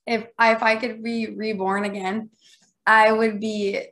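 A woman's voice: fairly high pitch, level tone, measured pace, a bit bright. A woman with a thick Minnesotan accent, co-hosting a podcast in playful, rambling casual chat. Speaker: podcast co-host.

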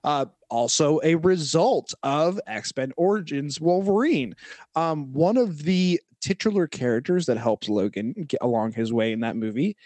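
A man co-hosting a podcast in casual chat, enthusiastic and quick to laugh. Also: fairly high pitch, lively intonation, a little mellow, no room sound. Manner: enthusiastic, laughs easily, rambling restarts. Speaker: podcast co-host.

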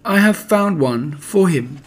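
A glum, solemn old donkey, read aloud by a man who drags out every word with weary self-importance. The voice sits a little higher than the reader's own and keeps a husky edge. It suits a children's storybook. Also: expressive. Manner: slow, drawn-out, self-important speech. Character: gloomy old male donkey, slow and solemn. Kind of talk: storybook character voice.

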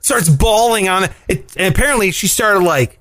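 A man's voice: high-pitched, moderate pace, a little hiss or hum. A young man, married, telling a funny story in casual chat, full of "like" and "dude". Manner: animated storyteller, swearing, lots of "like" and "dude". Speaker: podcast co-host.

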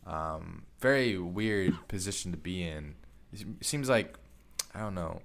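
Male podcast co-host, slightly low voice, hesitant, reads news aloud casually. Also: lively intonation, a little slow, creaky, a bit bright. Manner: hesitant, lots of ums, reads out news items. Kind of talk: casual sports chat.

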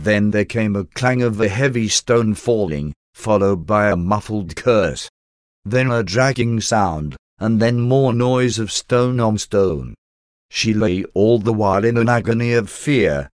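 Male narrator for a gothic audiobook, low voice, dry close-mic sound, measured delivery. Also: no room sound. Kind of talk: audiobook reading of a gothic tale.

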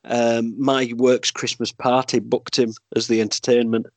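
A chatty Yorkshire man talks in loose, rambling stories, dropping swear words and laughing along the way. His voice sits at an ordinary middle pitch for a man. The sound is close and dry, with no room around it. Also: flat delivery, a little slow, dry recording. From Yorkshire, England. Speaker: podcast guest and movie podcast host. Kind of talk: casual podcast chat.

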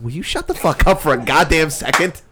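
A man's voice: on the high side, animated, a little fast, very noisy. A man co-hosting a podcast, arguing heatedly in a comedic debate, cursing and interrupting into a studio mic. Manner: profane, interrupting, repeats himself. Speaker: podcast co-host. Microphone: studio microphone.

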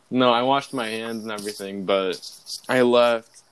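A man's voice: medium pitch, fairly even intonation, slow, a crowd in the background. Young man rambling through a funny story. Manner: rambling storyteller, laughs a lot. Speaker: podcast host. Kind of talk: casual chat.

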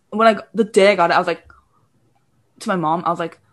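A woman's voice: fairly low pitch, very fast, pauses often. A young woman co-hosting a podcast, telling a family story in casual chat and quoting relatives. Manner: chatty, lively quoting of family members. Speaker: podcast co-host.

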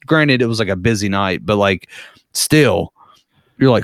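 A man's voice: on the low side, moderate pace, no echo, studio quality. A man casually telling a rambling, profane story, with lots of filler words.

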